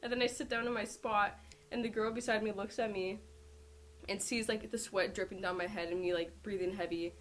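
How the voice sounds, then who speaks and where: Brief: young female vlogger, mid-range pitch, chatty and casual, lots of fillers, faint hum behind. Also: fairly even intonation, a little fast, a bit bright. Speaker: powerlifter vlogger. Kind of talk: casual vlog storytelling.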